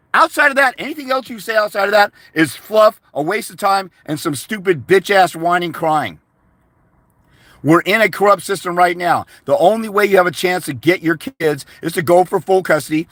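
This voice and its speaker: Male livestream host, sharp and forceful, shouts insults in a hard-edged rant. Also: high-pitched, no echo. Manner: aggressive, profane, shouting insults. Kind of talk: livestream rant answering questions.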